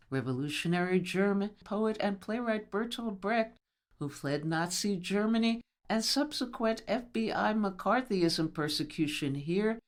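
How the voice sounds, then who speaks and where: A woman radio host reading a scripted introduction to the next segment in a measured, earnest way. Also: medium pitch.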